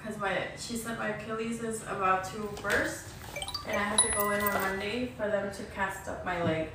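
A woman speaks hesitantly and haltingly, heard from across the room. Her voice echoes heavily, with clear room noise behind her. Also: medium pitch, steady tone, distant mic. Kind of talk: casual conversation.

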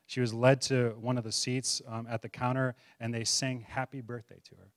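Pastor telling a story in a sermon. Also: male voice, medium pitch, normal speed, no echo, clean studio sound. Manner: animated storyteller, voices the characters' quotes. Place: church sanctuary.

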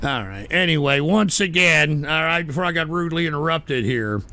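A man's voice: on the high side, expressive, moderate pace, sharp tone. A male livestream host giving casual live-show commentary with profane, irritable rants.

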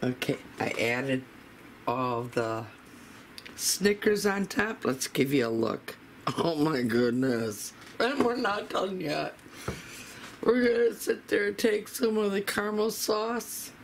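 A home cook talks viewers through a recipe in a relaxed, chatty way from a home kitchen. The voice is slow and gravelly. It is picked up by the camera's own mic, with clear background noise. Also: mid-range voice, poor audio. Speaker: home cooking vlogger. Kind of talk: casual recipe demonstration.

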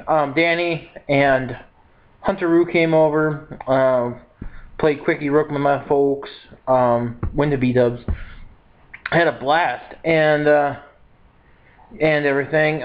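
A man's voice: on the high side, phone-quality sound. A man in his twenties vlogging in a casual, rambling and upbeat way, with frequent laughs and filler words. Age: 20s. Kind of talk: casual chat to camera.

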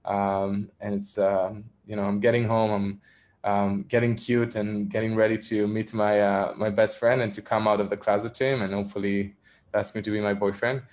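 A young adult man from Israel, an activist, candidly recounting a personal story in a virtual talk, with frequent ums and soft laughs. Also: on the low side, little pitch movement, moderate pace. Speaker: activist speaker. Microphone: video call.

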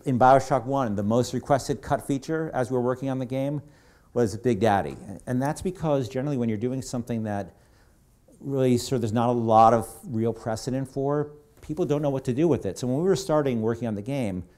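A man's voice: medium pitch, brisk, a little mellow. A man speaking as a game creative director in a live presentation to an audience, conversational and rambling with many asides. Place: event hall on stage.

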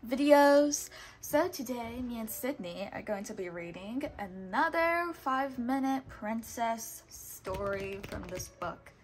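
A woman reading a children's storybook aloud in a steady, patient way, now and then correcting a word. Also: on the high side, measured pace, few pauses, slight background noise. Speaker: storybook reader.

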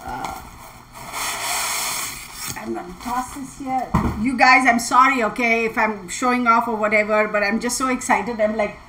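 A woman host, chatting casually on a livestream, bubbly and excitable, laughing often. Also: a little high, normal speed, rough recording. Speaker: tarot channel host.

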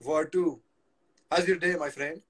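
A man joining a livestream by phone, talking in a halting, repetitive, mumbling way. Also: a little high, fairly even intonation, slightly rough. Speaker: livestream guest. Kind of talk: casual chat.

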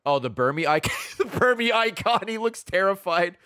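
A male streamer in excitable, profane gaming commentary who laughs often. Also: sits high, moderate pace, smooth, no room sound, studio quality.

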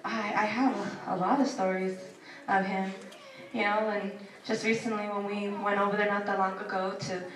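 At a memorial service in a packed hall, a woman shares family stories on a handheld microphone, chatty, laughing often and acting out the voices she quotes. Her mid-range voice moves little in pitch at a normal speed. She is off mic and distant, the hall echoes, the crowd is audible, and there's a little hiss or hum.

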